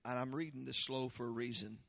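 A man preaching a sermon, leading prayer and praise with fervor, then reading scripture slowly and explaining it. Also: medium pitch, steady tone, gravelly, in a large hall. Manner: fervent, shouting praise then slow deliberate teaching. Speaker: pastor.

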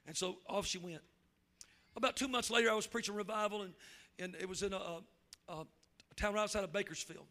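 A man's voice: sits high, brisk, pauses often. A traveling preacher, a man, telling a folksy story in a sermon and acting out the voices in it. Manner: folksy, animated storytelling with acted quotes.

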